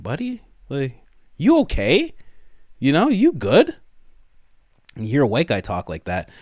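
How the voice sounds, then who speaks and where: A man talking on his podcast in an animated, incredulous way, his pitch swinging widely from point to point. He speaks casually, leaning on fillers like "man" and "bro", with a short laugh now and then. The sound is close and dry, with no room around it. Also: no echo. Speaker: podcast host. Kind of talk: opinionated podcast commentary.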